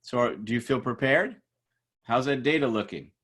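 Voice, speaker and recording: Man lecturing with lively storytelling. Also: mid-range voice, normal speed, slightly rough. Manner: animated storytelling, acts out quoted people. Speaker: instructor. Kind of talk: informal lecture with anecdotes.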